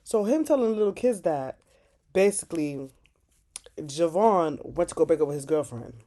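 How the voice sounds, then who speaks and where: A woman's voice: sits low, normal speed. A young woman hosting a casual vlog, chatting animatedly and saying "like" a lot as she recaps an episode. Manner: chatty, animated, heavy use of "like". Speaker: channel host recapping a TV episode.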